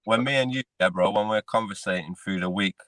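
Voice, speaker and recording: Deep-voiced man, dry sound. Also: a little fast, fairly bright tone, no echo. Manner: laid-back, peppers speech with "mate" and "innit". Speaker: podcast co-host. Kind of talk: casual chat.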